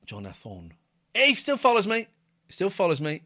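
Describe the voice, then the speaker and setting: A man's voice: sits high, fairly quick. A man hosting a casual livestream from his sofa, joking, swearing and hyping up his viewers. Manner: excitable, jokey and sweary. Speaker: livestream host. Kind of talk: casual live commentary. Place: home living room.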